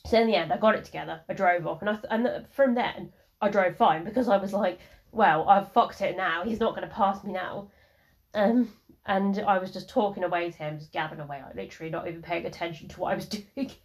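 Young woman ranting on her podcast, swears loads, rambles, lowish voice. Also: fast talker. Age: early 20s. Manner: frank, rambling, heavy swearing. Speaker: podcast host. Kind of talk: casual personal storytelling.

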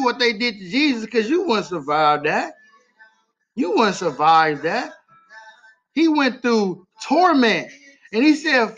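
Dude preaching on his livestream, real high voice, keeps repeating himself all fired up, kinda dull lo-fi sound. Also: pushed and bright. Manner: impassioned, repetitive preaching in vernacular English. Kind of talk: sermon.

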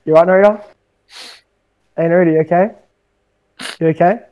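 A man's voice: high-pitched, fairly even intonation, a little fast, dull audio, slight background noise. Rambling, swearing young man. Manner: swears a lot, rambling with many fillers. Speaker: podcast host. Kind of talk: casual chat, storytelling.

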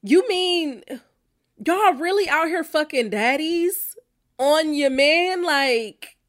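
A woman with a high, expressive voice and a slow pace hosts a podcast, reacting to listener answers in casual chat. She's blunt and profane, laughing often.

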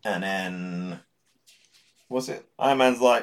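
Low-voiced man recapping a plot. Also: moderate pace, fairly bright tone. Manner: rambling, laughs often, quotes characters in passing. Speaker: podcast co-host. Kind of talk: casual chat recapping a story.

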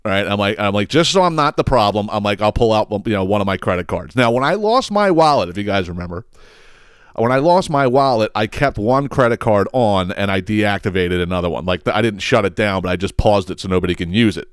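Male podcast host telling a long story, swears constantly, restarts his sentences, smooth and clear voice, dry close sound. Casual and rambling. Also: lowish voice, expressive, brisk, dry recording. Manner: profane, rambling, self-interrupting, laughs at own story.

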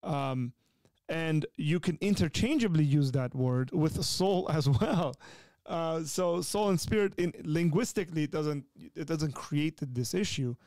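A man's voice: mid-range voice, creaky, dark tone, no echo. A man hosting a podcast in casual conversation, hesitant with many fillers and restarts. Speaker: podcast host.

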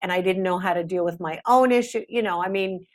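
A middle-aged woman, a parenting expert guest on a podcast interview, talking in a chatty, animated way. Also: lowish voice, a little fast, slight background noise.

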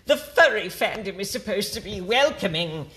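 A woman's voice: medium pitch, animated, normal speed, a bit bright. Mocking woman reading an email aloud. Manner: mocking, dramatic emphasis, frequent laughter. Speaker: podcast host.

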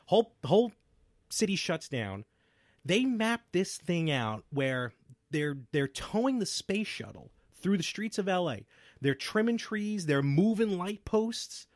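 A man co-hosting a podcast in casual chat, telling stories with lively energy and frequent laughs. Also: high voice, a little slow, no room sound, studio quality. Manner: animated storyteller, laughs often. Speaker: podcast co-host.

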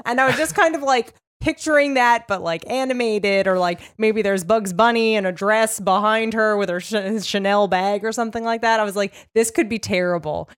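Panelist, female, animated casual storyteller. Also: medium pitch, moderate pace, hardly any pauses, clean tone. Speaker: podcast panelist. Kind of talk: casual chat.

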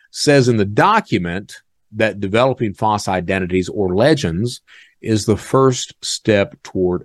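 A man hosting a podcast, talking casually in an animated, sarcastic way and dropping low when he reads from documents. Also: no echo, clean studio sound. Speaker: podcast host.

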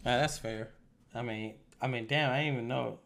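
Gravelly, bright-voiced man telling stories. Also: mid-range voice, a little fast. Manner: animated, profane storytelling with lively put-on quotes. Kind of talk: casual storytelling chat.

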